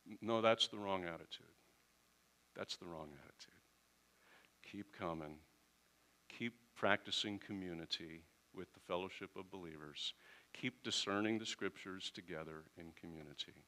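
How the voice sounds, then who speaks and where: A man's voice: sits low, normal speed, gravelly, pushed and bright. A man preaching a sermon as pastor, talking in a conversational way and briefly acting out little quoted exchanges with the congregation.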